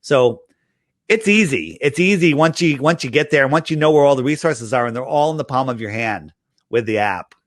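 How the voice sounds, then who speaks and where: A man chatting in a casual interview, telling animated stories, acting out the dialogue and rambling with many restarts. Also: medium pitch, fairly quick, no echo, clean studio sound. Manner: animated storyteller, acts out quoted dialogue. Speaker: interview guest promoting his app.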